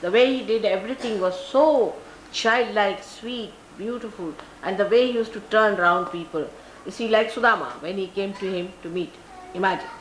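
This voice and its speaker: An older woman from India speaks in Indian English at a middle pitch, giving a spiritual talk full of anecdotes. She acts out the voices of the people in her stories. The live archival recording is roomy, with a faint hiss behind her. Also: moderate pace. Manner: storytelling, acts out quoted people. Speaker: spiritual teacher.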